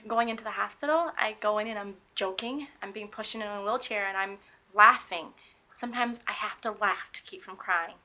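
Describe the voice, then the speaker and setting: A woman's voice: medium pitch, pushed and bright. A young woman speaking candidly about living with a painful illness, earnest and emphatic, often restarting her sentences. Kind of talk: candid personal testimony.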